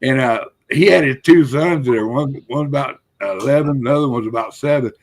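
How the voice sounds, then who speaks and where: Older South Texas host, gravelly, folksy storyteller. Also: male voice, mid-range voice, a little fast. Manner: folksy, swears casually. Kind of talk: casual storytelling chat.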